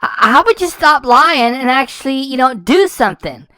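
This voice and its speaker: A woman's voice: high voice, lively intonation, normal speed, sharp tone, smooth, no echo, low-quality recording. A woman giving a scathing, sarcastic reaction commentary, mocking and swearing, tripping over her words when she gets heated. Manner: mocking, sarcastic and profane, stumbles when worked up.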